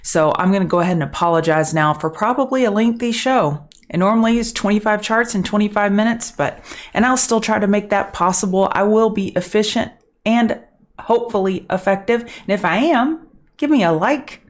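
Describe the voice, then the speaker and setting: A middle-aged woman hosting a live trading show, chatty and friendly, keeping her voice down so she doesn't get loud. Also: mid-range voice, normal speed. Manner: chatty, greeting viewers by name; kept softer to avoid being loud. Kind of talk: live-stream market chat.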